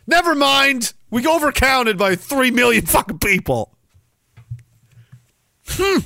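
A man's voice: extremely high pitch, big pitch swings, slow, creaky, bright, forceful tone, slight background noise. A man, ranting sarcastically and profanely on his livestream, rambling from one complaint to the next. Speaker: livestream host.

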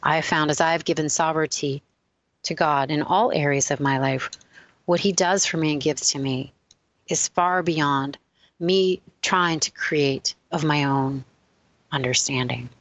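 A woman giving a spiritual talk, retelling a legend in a lively storytelling manner. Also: low voice, no room sound, muffled recording. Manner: animated storyteller, switching quickly between characters. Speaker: spiritual speaker.

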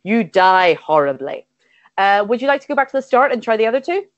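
A woman narrating an improvised comic adventure with playful deadpan timing. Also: on the high side, brisk, no room sound, lo-fi sound. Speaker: comedy guest and game narrator.

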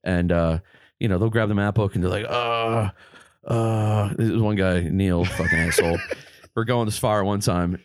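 A man talking fast in a low voice, with blunt, profane banter. He sounds dry and close to the mic. He co-hosts a casual chat among firefighters. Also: fairly even intonation, dry recording. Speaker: podcast co-host, firefighter.

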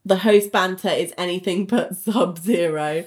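A British woman with a British accent, a podcast co-host reading reviews aloud in casual chat. Her voice sits a little low for a woman, and she breaks into giggles often. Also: a little slow. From Britain. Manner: giggly, warm asides.

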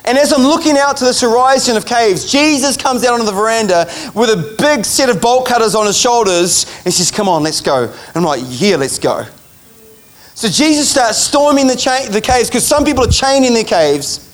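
Male preacher, high-pitched, chatty sermon storyteller. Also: brisk, hardly any pauses. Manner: casual, chatty, laughs through the story.

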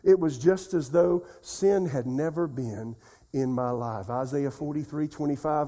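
An older man preaching a folksy sermon as pastor, dropping soft and slow to repeat scripture. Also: a little high.

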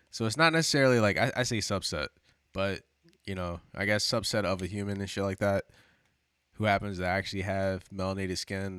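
A man with a lowish voice chats casually on a podcast, rambling and profane, with a steady stream of fillers. His voice sounds close and dry. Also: smooth, no room sound. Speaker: podcast co-host. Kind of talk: casual chat.

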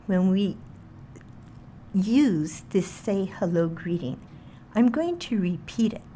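Woman, meditation teacher, slow unhurried delivery, mellow warm tone, soothing repetitive chanting, faint ambient hum. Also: medium pitch. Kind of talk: guided healing meditation.

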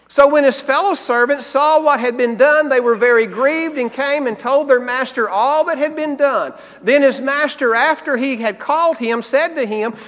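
A man preaching a sermon, earnest, slowing down and repeating key phrases for emphasis. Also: very high-pitched, a bit bright, long reverb tail.

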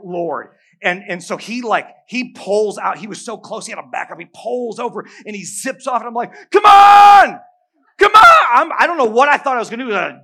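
A middle-aged male pastor preaching a sermon, telling a story with humor and animated bursts. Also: high-pitched.

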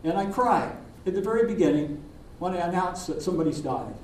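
An older man, a minister, giving a sermon in a gentle, reflective storytelling manner with pauses. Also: sits high, lively intonation, slight background noise. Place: church sanctuary. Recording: distant voice in an echoey sanctuary.

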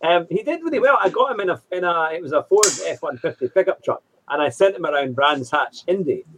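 A man hosting a casual motorsport podcast, telling a story with many pauses and fillers. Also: a little high, animated, fairly bright tone, a little hiss or hum, rough recording. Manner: rambling, hesitant, with many fillers. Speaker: host. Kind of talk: casual chat.

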